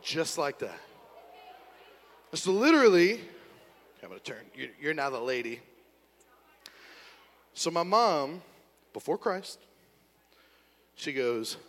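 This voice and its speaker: A man preaching a sermon, telling a story with lively acted-out scenes and a volunteer on stage. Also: a little high, long reverb tail. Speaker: pastor. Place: church auditorium.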